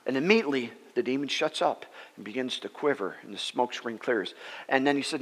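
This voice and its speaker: A man, a pastor, preaching a sermon as a story, acting out the people in it with lively, rising voices. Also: a little fast. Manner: animated, acts out quoted voices with rising pitch. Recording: long reverb of a church hall.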